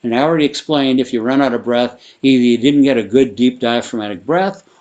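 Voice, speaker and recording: Relaxed rambling male sound-therapy teacher. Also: mid-range voice, brisk, lo-fi sound. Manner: relaxed, rambling, with frequent fillers and restarts. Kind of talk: guided vocal exercise instruction.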